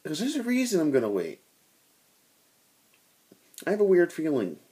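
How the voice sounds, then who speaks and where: A man putting on a raised, higher-pitched voice to play a blunt female ranger adventurer. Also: huge pitch swings, normal speed, warm tone.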